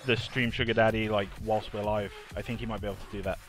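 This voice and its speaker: A man's voice: on the low side, little pitch movement, fast, faint music behind. A man hosting a casual game development livestream, talking in rambling bursts with lots of restarts. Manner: rambling, many restarts, easy laughter.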